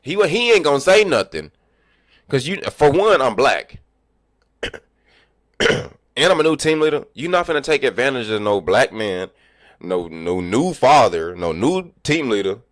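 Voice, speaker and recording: A man livestreaming, telling animated, profane stories about work and acting out what people said. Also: mid-range voice, measured pace, no echo, studio quality. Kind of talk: casual storytelling chat.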